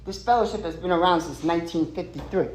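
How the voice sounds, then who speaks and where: A streetwise man speaks from a stage at a recovery meeting, hammering his points home with casual fillers. His voice sits fairly high, and a stage mic picks it up with the echo of a roomy hall. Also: fast, a little hiss or hum.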